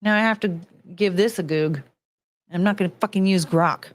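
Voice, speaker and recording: American woman streamer, ranting and profane, lively pitch, dry close sound. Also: fairly quick, dry recording. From United States. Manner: ranting, profane, talks to chat. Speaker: streamer host. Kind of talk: casual livestream chat.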